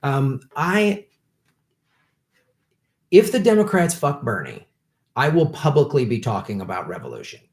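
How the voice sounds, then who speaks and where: There's a sing-song lilt to this man's medium-pitched voice, and he takes his time, leaving long pauses. Still, he's hosting a political livestream and angrily cursing out politicians in bitter, shouted, unscripted commentary.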